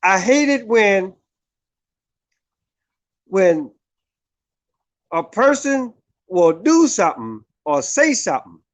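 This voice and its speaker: High-voiced man ranting heatedly. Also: sing-song, slow pace, pauses often. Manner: heated, repetitive, keeps asking "right?". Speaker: vlogger. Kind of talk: profane opinion rant.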